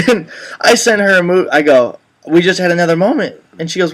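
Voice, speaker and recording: A man with a somewhat high voice whose pitch leaps up and down as he tells funny stories to a friend. He co-hosts a casual web show, talks in an animated, rambling way and swears freely. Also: quick pace. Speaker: co-host. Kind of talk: casual chat.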